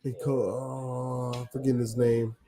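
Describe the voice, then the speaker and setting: A man's voice: medium pitch, little pitch movement, unhurried, very noisy. A man hosting a livestream, giving opinionated casual sports commentary that rambles with frequent ums. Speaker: livestream host.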